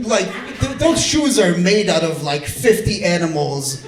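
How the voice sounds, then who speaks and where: A man doing stand-up crowd work, loud and mocking, laughing and shouting at people in the audience. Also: sits high, expressive, a little slow, heavy background noise. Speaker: stand-up comedian. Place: comedy stage before a live audience. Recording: roomy club sound from a distance, loud audience.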